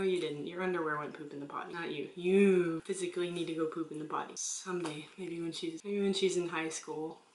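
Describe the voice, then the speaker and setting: Young woman, casual home vlogger, wry and deadpan, lowish pitch, roomy echo. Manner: chatty, wry, deadpan asides. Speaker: stay-at-home mom vlogger. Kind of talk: casual vlog chat. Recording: echoey room, faint background hum.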